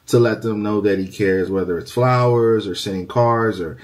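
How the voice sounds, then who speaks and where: A man with a fairly low voice tells a story in a calm and steady way. His delivery is plain and measured, and he tells it like a relaxed recounting. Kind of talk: retelling a story.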